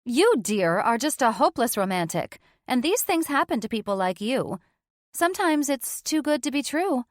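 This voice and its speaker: A woman's voice: fairly high pitch, sing-song, normal speed, no room sound, studio quality, pitched above the performer's own voice. A woman voicing a smug, tipsy woman friend who is catty and teasing, stretching her words condescendingly.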